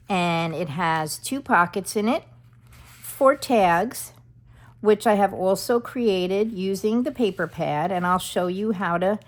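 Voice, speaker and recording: Slow, chatty woman craft host. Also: medium pitch. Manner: chatty, often checks in with "okay?". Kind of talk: casual craft tutorial.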